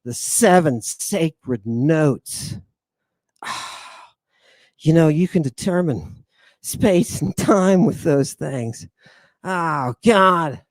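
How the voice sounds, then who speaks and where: Theatrical man lecturing, high voice, slow. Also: lively intonation, dry recording. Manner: theatrical, sighing, swings from booming to muttered asides. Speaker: host. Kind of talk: animated lecture to an online audience.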